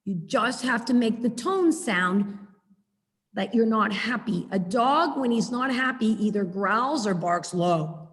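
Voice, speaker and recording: A woman's voice: on the high side, takes it slowly, in a large hall. A woman dog trainer teaching a webinar over a video call, practical and demonstrating the tones she uses.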